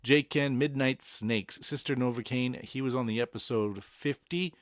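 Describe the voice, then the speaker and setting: A man's voice: mid-range voice, normal speed, no room sound, clean studio sound. A man from Boston with a Boston accent, hosting a casual solo podcast and chatting about songs in a rambling way, with many fillers. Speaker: podcast host. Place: Tokyo.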